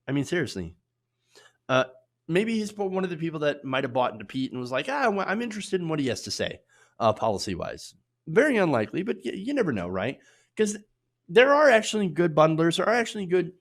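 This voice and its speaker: A man hosting opinionated political commentary, sarcastic, with loose delivery and frequent restarts. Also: on the high side. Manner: sarcastic, mocking put-on voices for quotes.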